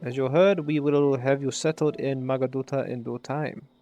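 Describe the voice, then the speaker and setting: A man's voice: mid-range voice, fairly even intonation, normal speed, dark tone, dull audio, faint music behind, close to an everyday voice. A man voicing a dignified male official in a fantasy game, with a put-on South Asian English accent and formal, courteous speech.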